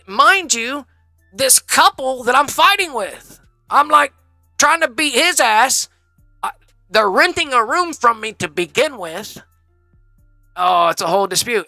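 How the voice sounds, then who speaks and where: A man's voice: very high-pitched, pushed and bright, no echo, studio quality. A man rambling through a casual, profane story on a live stream, saying "bro" constantly.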